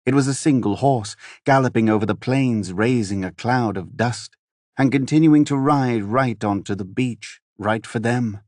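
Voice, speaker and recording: A mid-range male voice reads scripted fantasy audiobook narration, keeping his storytelling even and measured. The audio is dry and of studio quality.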